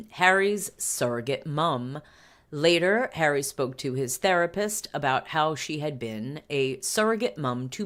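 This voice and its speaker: Low-voiced wry woman reading news. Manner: wry asides and frequent self-interruptions. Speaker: commentary host reading an article. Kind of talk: casual commentary on a news article.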